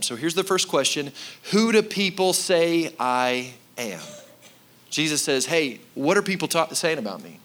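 A man delivering a sermon from the pulpit, his voice bright and forceful. He speaks emphatically, turns straight to the congregation, and repeats his main points for weight. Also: medium pitch. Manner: emphatic, repeats key lines, addresses the congregation directly. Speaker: pastor.

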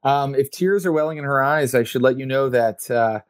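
A man runs a tabletop game as its game master, halting often on fillers and breaking into laughs. His voice sits at an ordinary pitch. The recording is dry and close. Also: no room sound. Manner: hesitant, filler-heavy, easily amused.

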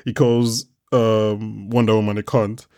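A man hosting a casual podcast, rambling and animated, swearing freely. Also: fairly low pitch, unhurried, no room sound, studio quality. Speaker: podcast host. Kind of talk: casual chat.

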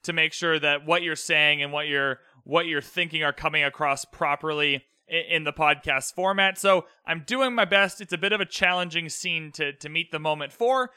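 Young male solo podcast host, animated and earnest. Voice is high and very bright, with dry, close sound. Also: normal speed, few pauses, smooth, dry recording. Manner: animated, earnest, retells scenes with quoted voices. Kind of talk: solo episode recap podcast. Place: room, alone.

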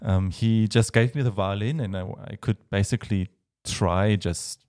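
German-accented male guest, lowish voice, hesitant and friendly. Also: steady tone, normal speed, darkish tone. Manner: hesitant, many fillers, laughs often. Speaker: guest, Baroque violinist. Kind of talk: casual interview chat.

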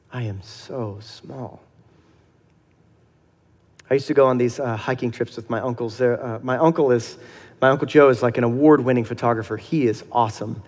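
A middle-aged man preaching a sermon in a relaxed, conversational way, acting out dialogue and laughing softly now and then. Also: medium pitch, long reverb tail. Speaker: pastor.

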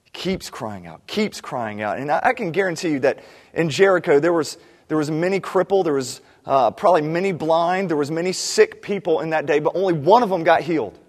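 A man preaching a sermon as pastor, animated, acting out cries of the people he describes. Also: on the high side, fairly quick, long reverb tail.

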